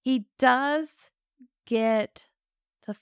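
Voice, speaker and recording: A woman's voice: high-pitched, very slow, a bit bright, clean tone, dry recording, clean studio sound. A woman co-hosting a podcast, casually recapping an episode and acting out the characters' lines. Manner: chatty, acts out characters' lines in quotes. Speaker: podcast co-host.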